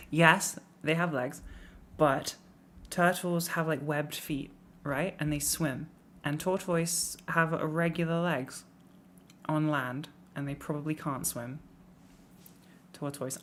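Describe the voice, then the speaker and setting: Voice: mid-range voice, a bit bright, slight background noise. A young adult live streamer from the Midlands, England, with an English accent, chatting casually on stream in a rambling, self-mocking way and laughing often. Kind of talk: casual live-stream chat reacting to tips.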